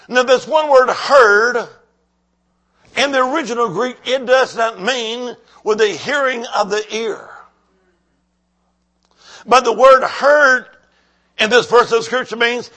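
Male preacher, high bright voice, slow rhythmic sermon with call-outs to the congregation. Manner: rhythmic, repeating phrases, calls to the congregation.

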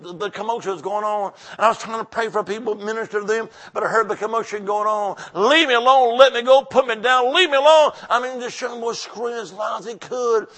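A man preaching a revival sermon in a high, ringing voice with a bright, forceful edge. He swings between shouted calls for the congregation to answer back and quiet, intimate storytelling. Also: breathy edge. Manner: exuberant, call-and-response, drops to soft storytelling.

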